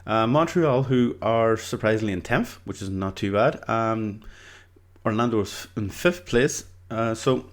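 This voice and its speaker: An Irishman with a fairly low, slightly slow voice rambles through his football predictions. It's casual solo commentary, hesitant and packed with fillers and false starts as he keeps restarting.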